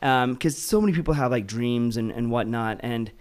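A man's voice: medium pitch, moderate pace. A man hosting a casual podcast, encouraging his guest with frequent affirmations. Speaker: podcast host. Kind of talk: casual chat.

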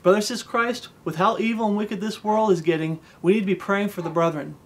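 High-pitched guy giving a homey bible talk, earnest, keeps saying okay, reads out old-style scripture. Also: fairly even intonation, fast, slight background noise. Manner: earnest, conversational, often checks in with "okay?"; recites King James scripture aloud. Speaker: preacher. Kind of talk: informal devotional sermon.

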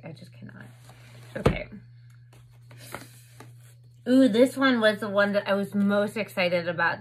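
A woman in her thirties talks casually to her camera at home as she unboxes makeup. Her bright, forceful voice sits at an everyday pitch, and she rambles freely with plenty of "like" and "um" fillers. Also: slight background noise, poor audio. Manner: chatty, filler-heavy with lots of "like" and "um". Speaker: beauty vlogger. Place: home, indoors. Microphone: camera on a stand with ring light.

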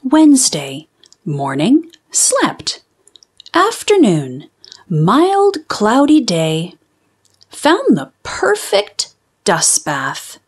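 A woman plays a sleepy, bossy wombat who demands carrots in a children's storybook, reading deadpan diary entries and whispering the sleepy words. Her voice is a little high, very slow, husky, and exaggerated. The mood is dry and drowsy.

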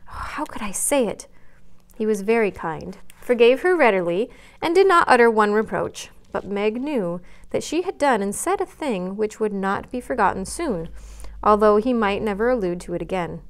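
A librarian reading a classic novel aloud at story time, gently expressive, pausing now and then for a quick aside. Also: female voice, medium pitch. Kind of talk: read-aloud storytime narration.

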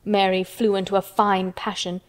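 A woman reading a children's storybook aloud in steady, measured narration. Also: mid-range voice.

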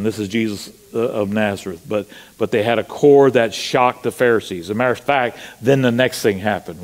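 A pastor preaching a sermon in a church. He asks the congregation rhetorical questions and rises to loud, high cries when he quotes scripture. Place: church sanctuary.

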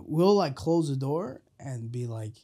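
A man's voice: medium pitch, a little slow, slight background noise. A man in his thirties telling profane stories in a casual podcast chat, recorded on a studio microphone. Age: 30s. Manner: animated, profane storytelling. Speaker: podcast host.

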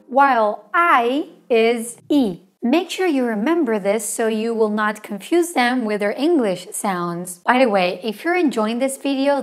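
Slow, careful woman teaching a lesson. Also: fairly high pitch. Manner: slow, careful spelling out of letters. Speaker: language teacher. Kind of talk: scripted lesson narration.

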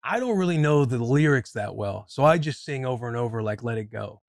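A man's voice: mid-range voice, lively intonation, fairly quick, gravelly, no echo, clean studio sound. A man in his thirties co-hosting a podcast, telling a story in casual chat and now and then breaking into off-key singing. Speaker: podcast co-host.

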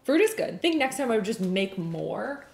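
A woman's voice: mid-range voice, very animated, normal speed, creaky. A young woman chatting casually through a cooking vlog in her home kitchen, bubbly and giggly. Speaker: cooking vlogger. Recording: echoey kitchen room.

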